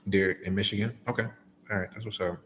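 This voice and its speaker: A man's voice: on the low side, fairly even intonation, fast talker, a bit bright, a little hiss or hum. A man in casual livestream chat, laid-back and slangy, answering viewers' questions as a delivery driver. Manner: laid-back, slangy, acts out phone calls.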